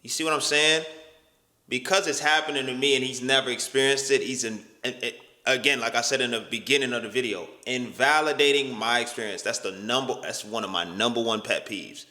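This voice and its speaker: A man's voice: mid-range voice, brisk, pushed and bright. A young man reacting to a critic's video in casual commentary, exasperated and incredulous, swearing often. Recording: echoey room with long reverb.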